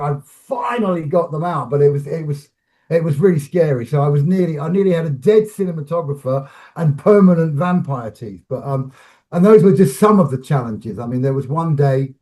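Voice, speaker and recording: A man with a fairly high voice spins behind-the-scenes stories for an interviewer. He talks in lively bursts, restarting phrases and acting out the scenes as he goes. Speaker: film director and actor, interview guest. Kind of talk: animated anecdotal storytelling.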